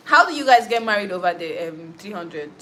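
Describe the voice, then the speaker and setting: A woman's voice: medium pitch, a bit bright, slight background noise, rough recording. A young woman hosting a livestream, chatting casually with viewers, laughing often and answering comments. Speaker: livestream host and musician.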